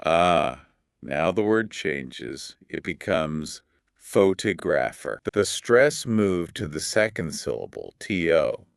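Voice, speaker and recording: A man hosting a podcast, explaining English pronunciation in a calm, measured scripted teaching dialogue. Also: low voice, gravelly, clear, resonant tone, dry recording, studio quality.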